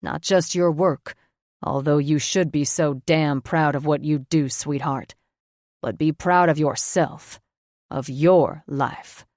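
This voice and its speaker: A heartfelt, earnest middle-aged father, as a woman narrator puts him on, his voice pushed down low and soft. He speaks with gentle, loving care in a dry, close audiobook recording. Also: slow pace, no echo. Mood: tender.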